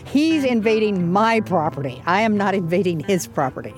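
A woman's voice: mid-range voice, animated, normal speed, music in the background. An older woman, a property owner, telling her story in a feisty, indignant way. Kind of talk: storytelling interview.

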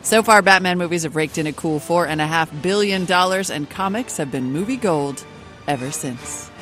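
Brisk host reading scripted narration. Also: mid-range voice, music in the background. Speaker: radio show host.

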